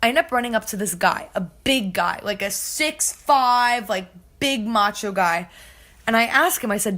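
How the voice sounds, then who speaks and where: Her mid-range, fairly bright voice has lively intonation and a moderate pace. She's a young adult podcast host telling a lengthy, casual story, leaning heavily on "like" and acting out everyone she quotes.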